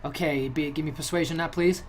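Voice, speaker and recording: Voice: mid-range voice, fairly even intonation, a little fast, a little hiss or hum. A game master narrating a tabletop horror game in a loose, hesitant way, often restarting.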